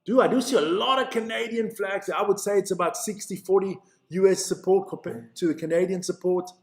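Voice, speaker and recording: Man from Switzerland, live play-by-play, chatty and excitable, high voice, echoey room. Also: a little fast. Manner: chatty, excitable, stumbles over names. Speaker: live-stream commentator. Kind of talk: casual live play-by-play commentary.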